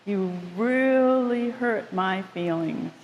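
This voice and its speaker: A man voicing a hurt young flamingo in a children's story, speaking softly and wounded. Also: high voice, slow pace, muffled recording, a little hiss or hum. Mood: upset. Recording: echoey church sanctuary.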